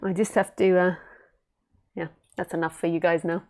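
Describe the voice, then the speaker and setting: A woman, a spiritual teacher, closing a live talk from home in a soft, unhurried way. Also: on the low side, level tone. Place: at home with her dog.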